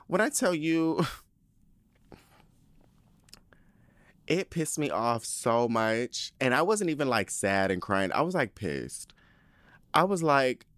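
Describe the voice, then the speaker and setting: Male speaker, casual profane rant, lively swooping pitch, dry close sound. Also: takes it slowly, pauses often, no room sound. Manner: profane, animated, indignant ranting; frequent laughter. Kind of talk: casual storytelling monologue.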